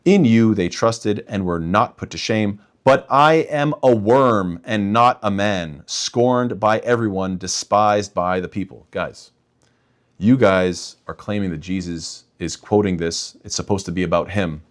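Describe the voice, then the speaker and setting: A young imam and apologetics speaker delivers an emphatic religious rebuttal directly to his listeners, often calling them "guys". His voice is on the low side and unhurried.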